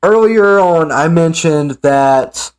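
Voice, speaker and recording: A man's voice: on the high side, expressive, takes it slowly, clear, resonant tone. A man giving casual, sarcastic ranting commentary as an online commentator. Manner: sarcastic, mocking.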